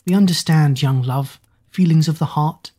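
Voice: medium pitch, moderate pace, dark tone, lightly acted. Narrator doing a prim, nosy schoolteacher. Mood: probing. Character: prying middle-aged woman teacher, patronising.

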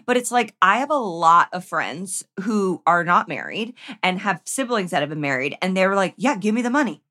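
A woman co-hosting a casual podcast and recapping a movie with wry sarcasm. Her pitch rises and falls expressively as she acts out the scenes. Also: expressive, normal speed, sharp tone. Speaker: podcast co-host.

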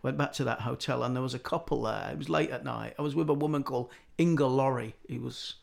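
Middle-aged male storyteller, gravelly and lively, chatty anecdotes. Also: mid-range voice, quick pace. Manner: animated storytelling, acting out quoted voices. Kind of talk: casual anecdotal chat.

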